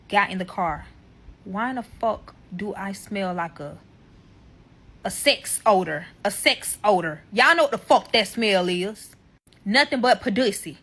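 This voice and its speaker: A woman telling a personal story in casual story-time style, animated and full of profanity. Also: medium pitch, moderate pace, breathy edge.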